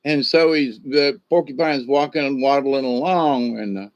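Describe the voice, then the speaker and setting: A shaman storyteller casually tells a folk tale, rambling with lots of "you know"s and restarts. His voice is medium-pitched at a moderate pace, with no room sound, on a dull lo-fi recording.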